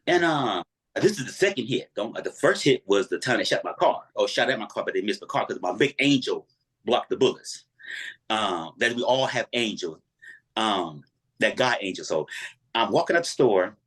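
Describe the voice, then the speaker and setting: Male interview guest, husky, animated storyteller with a lively pitch. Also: moderate pace. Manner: animated, acts out every voice in his story.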